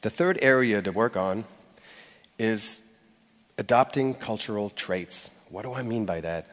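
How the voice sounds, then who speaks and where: A conference speaker with a fairly low, unhurried voice gives a live talk from the stage of a large hall. He speaks conversationally, with fillers and restarts, acting out short quoted phrases and laughing lightly. Long hall reverb surrounds his voice.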